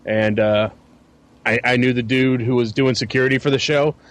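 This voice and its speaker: A man's voice: mid-range voice, fairly even intonation, normal speed. A man in a casual podcast chat, talking hesitantly and stammering over repeated words. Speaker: podcast co-host.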